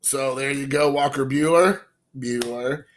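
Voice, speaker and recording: A man chats casually into the camera for his collecting vlog. His voice sits a bit high and sounds bright and forward, and he rambles through his story with excitement, slipping into quoted asides. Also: moderate pace. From Indiana, USA. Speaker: card-collecting channel host.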